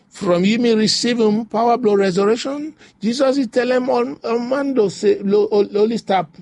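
A man's voice: high-pitched, a little mellow, dry recording. A man preaching a devotional sermon, repeating phrases in a rhythmic, rising way. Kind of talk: devotional sermon in pidgin English.

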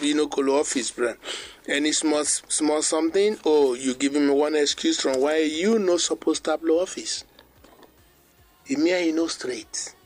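A male preacher, delivering a sermon and reading scripture slowly. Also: on the high side, no room sound. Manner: preaches in a creole-mixed English, quoting scripture slowly.

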